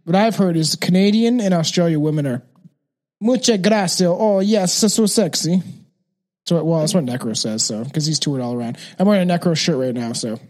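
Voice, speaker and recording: A man's voice: on the high side, lively intonation, brisk, darkish tone. A man co-hosting a podcast, chatting casually and crudely about a true crime case, often restarting his sentences. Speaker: podcast co-host.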